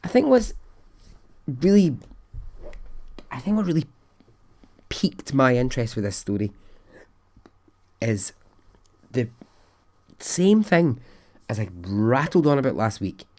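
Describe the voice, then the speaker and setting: A man's voice: mid-range voice, a little mellow. A man hosting a podcast, telling a story in a casual, rambling way and swearing freely. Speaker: podcast host.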